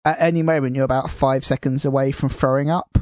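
A man's voice: medium pitch, fairly even intonation, fast talker, a little mellow, no echo, clean studio sound. A man hosting a casual podcast chat, rambling and self-deprecating, with casual swearing. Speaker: podcast host.

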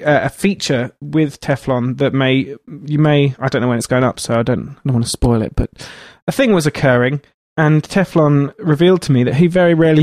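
A man's voice: a little high, a little mellow, dry recording, clean studio sound. A man co-hosting a podcast, bantering and laughing often. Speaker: podcast co-host. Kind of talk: casual banter.

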